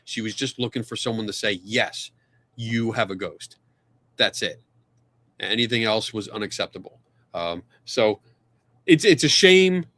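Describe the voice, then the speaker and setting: A man hosting a podcast, telling a casual anecdote, animated and laughing often, acting out other people's lines. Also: fairly low pitch, normal speed. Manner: animated storyteller, laughs often, acts out quotes. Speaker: podcast host.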